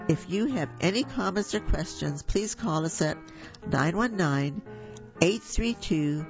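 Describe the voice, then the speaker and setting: A woman reading a children's story aloud for a radio reading service, in a slow, gentle manner. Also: fairly low pitch, lively intonation, muffled recording, soft background music. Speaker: volunteer reader for a reading service.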